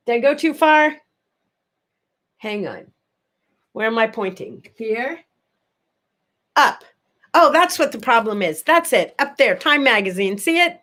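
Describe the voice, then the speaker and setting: Older woman telling lively stories. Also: fairly high pitch, measured pace, pauses often. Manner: animated, acts out quoted voices in stories. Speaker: livestream host. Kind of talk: casual storytelling chat.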